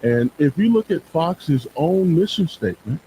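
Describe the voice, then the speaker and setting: Male guest, mellow, emphatic, repeats himself when heated. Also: on the high side, sing-song, normal speed, a little hiss or hum, low-quality recording. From Bakersfield, California. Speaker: show guest. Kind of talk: casual talk-show conversation.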